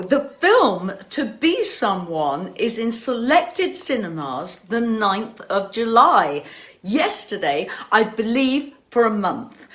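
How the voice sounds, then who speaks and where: Enthusiastic woman hosting. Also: mid-range voice. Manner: enthusiastic, emphatic repetitions. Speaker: show host and singer. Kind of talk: casual chat to camera.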